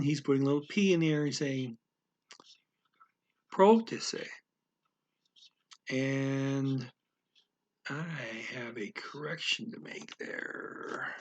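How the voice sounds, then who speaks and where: Gravelly, unhurried man explaining a lesson. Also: medium pitch. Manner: halting, thinking aloud, many fillers and restarts. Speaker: language learner explaining a lesson. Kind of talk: casual spoken language lesson.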